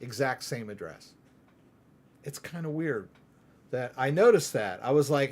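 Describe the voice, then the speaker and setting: A man from the United States hosting a live crypto Q&A, talking casually and rambling as he demos software and asks "right?" again and again. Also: medium pitch, animated, a little slow. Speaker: crypto livestream host. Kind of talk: casual live Q&A with screen demo.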